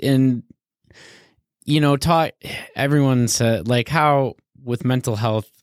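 A man's voice: medium pitch, takes it slowly, smooth, no room sound, clean studio sound. A man hosting a podcast in casual chat, speaking frankly, conversationally and with some mild swearing.

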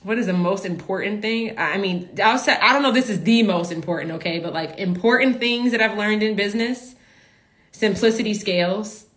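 A woman business coach in a casual live stream, talking emotionally to her followers, repeating herself and filling pauses with "like". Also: fairly low pitch, echoey room. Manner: emotional, repetitive, full of filler "like".

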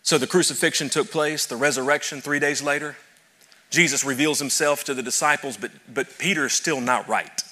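A man's voice: fairly high pitch, normal speed, pushed and bright. A man preaching a sermon as pastor, telling a story to his congregation and building to fervent emphasis. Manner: addresses audience directly.

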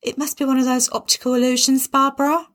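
A woman's voice: high-pitched, flat delivery, fast, fairly bright tone, voice pushed up. A woman voicing a prim, defensive bride-to-be. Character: scheming, indignant young bride-to-be.

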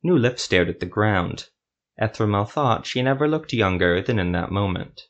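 Low-voiced male fantasy storyteller. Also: lively intonation, normal speed. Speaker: narrator. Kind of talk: scripted narration of a fan fantasy story.

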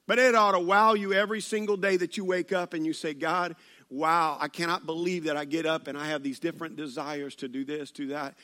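A pastor with a high, bright voice preaches with animated storytelling. He mixes personal anecdotes and playful asides into his message. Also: quick pace, hardly any pauses. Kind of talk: sermon.

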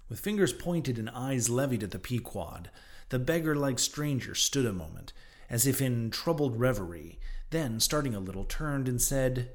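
A man reading a novel aloud as narrator in a measured, even way. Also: mid-range voice. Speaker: audiobook narrator.

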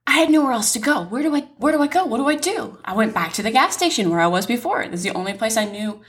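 A young woman co-hosting a podcast tells a dramatic story in a lively, animated way, swearing and laughing throughout. Her voice is a bit high and she talks fast.

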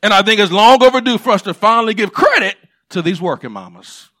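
Pastor, man, high bright gravelly voice; conversational sermon delivery with hushed asides and shouted peaks. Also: sing-song, quick pace. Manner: conversational preaching, swings between hushed asides and shouted points.

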